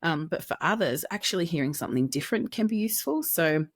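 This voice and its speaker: A woman with an Australian accent, a podcast co-host and sleep practitioner, giving calm, reassuring parenting advice. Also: fairly low pitch, fast talker, no echo, studio quality. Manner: gentle, reassuring, steady. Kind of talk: advice chat.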